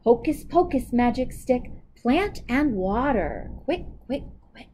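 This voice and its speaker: Woman doing a storybook spider trickster, male, lazy, scheming, sing-song, lively voice. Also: fairly high pitch, slow, a little hiss or hum. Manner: sing-song chanting, panicky cries. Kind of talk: storybook read-aloud.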